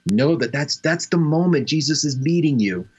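A man giving earnest, gently reassuring advice as a guest on a call-in radio show. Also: a little high, animated, moderate pace, breathy edge, highs cut off.

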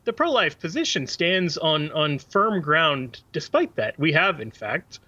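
A man's voice: fairly high pitch, sing-song, unhurried, bright, forceful tone, no room sound, muffled recording. A man on a talk show, making his points earnestly and fluently. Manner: earnest, fluent, quotes sources. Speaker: co-host.

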